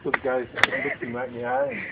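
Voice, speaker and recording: In a tinny, noisy home video, a man with a very high, gravelly voice speeds through a spooky campfire tale for his family at night. He tells it with lively energy, performing the characters' panicked lines.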